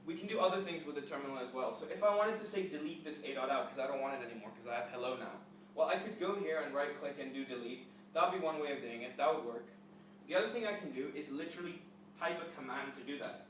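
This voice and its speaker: A man's voice: mid-range voice, quick pace, fairly bright tone, slight background noise. A young man giving a casual classroom lecture with a live coding demo, explaining step by step with fillers. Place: lecture hall. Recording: echoey hall, mic at a distance.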